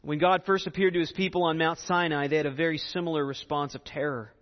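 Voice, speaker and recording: A man preaching a sermon, slow and emphatic as he explains scripture. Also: fairly high pitch, steady tone, big-room sound, dull audio.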